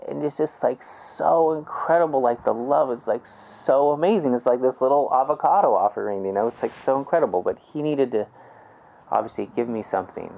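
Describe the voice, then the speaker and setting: A man's voice: medium pitch, animated, fairly quick, gravelly, a little mellow, low-quality recording. A man telling a heartfelt personal story in a casual way, with many fillers and restarts. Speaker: storyteller recounting experiences.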